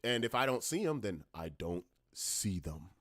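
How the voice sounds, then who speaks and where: A man hosting a casual podcast, talking bluntly and with swearing, moving between calm talk and loud, heated ranting. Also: fairly low pitch, moderate pace, no room sound, clean studio sound. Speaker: podcast host.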